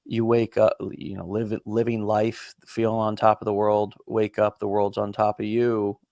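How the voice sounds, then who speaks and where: A man's voice: fairly low pitch, level tone, a little slow, darkish tone, no room sound, clean studio sound. A man hosting a conversational interview, rambling with many fillers and restarts and casual swearing. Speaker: podcast host.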